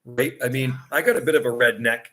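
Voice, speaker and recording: A man's voice: medium pitch, quick pace, bright, forceful tone. A middle-aged man chatting casually on a livestream from a seaside vacation home, rambling and laughing often.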